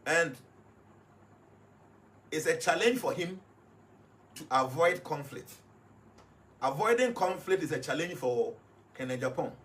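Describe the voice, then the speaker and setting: A man's voice: fairly high pitch, expressive, unhurried, pauses often, fairly bright tone. A man with a Ghanaian accent giving explanatory commentary, stressing each point by repeating it emphatically. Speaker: guest analyst.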